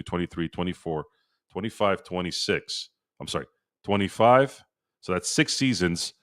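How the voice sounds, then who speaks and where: A middle-aged man hosting a casual sports live-stream, excitable and animated, answering viewers in chat. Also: low voice, dry recording, clean studio sound. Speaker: sports podcast host.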